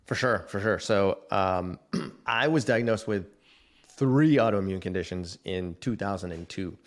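Man, forties, interview guest, low voice, animated storytelling. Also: a little slow. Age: 40s.

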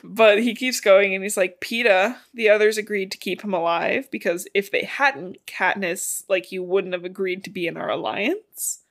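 A woman's voice: medium pitch, moderate pace, few pauses. A woman co-hosting a podcast, casually retelling a novel's plot in a chatty way with the odd swear word. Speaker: podcast co-host. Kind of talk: casual book recap chat.

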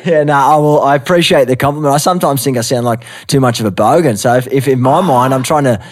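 A man with a broad Queensland Australian accent chats as a podcast guest. His voice is mid-pitched and his manner is relaxed and candid. He laughs easily and talks openly. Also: fast. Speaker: guest, actor. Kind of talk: podcast interview.

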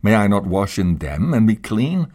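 A man reading Bible verses aloud in a measured, formal way. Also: on the low side, big pitch swings, darkish tone. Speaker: scripture reader.

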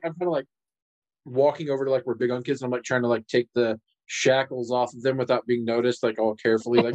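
Animated man playing a tabletop game. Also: fast, rough recording. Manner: animated, jumps into high character voices. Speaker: player.

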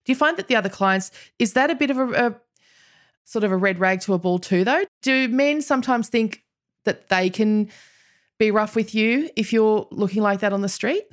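A woman's voice: medium pitch, normal speed. A woman interviewing a guest, asking leading questions and adding reflective asides of her own. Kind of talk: conversational interview.

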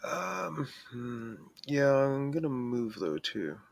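A man at a tabletop game with a gravelly edge to his voice, drawling slowly through ums and pauses. His pitch rises and falls widely. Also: sing-song. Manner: drawling, unsure, full of ums. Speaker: player. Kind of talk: casual play at a tabletop game.

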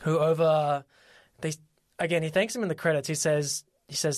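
Animated podcast co-host, dry close mic. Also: medium pitch, normal speed, no echo. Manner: animated storyteller, lots of fillers and quoted voices. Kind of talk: casual chat.

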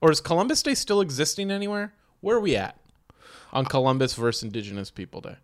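Male podcast co-host, playful and teasing, lively sing-song delivery. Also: on the high side, fast talker. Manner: playful, jokey, teasing questions. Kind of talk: casual comedic banter.

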